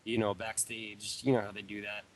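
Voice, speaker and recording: A man's voice: fairly low pitch, little pitch movement, normal speed. A man co-hosting a live wrestling radio talk show, rambling casually with lots of fillers and repeated phrases. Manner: rambling, repeats himself, frequent fillers and "dude". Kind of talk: casual chat.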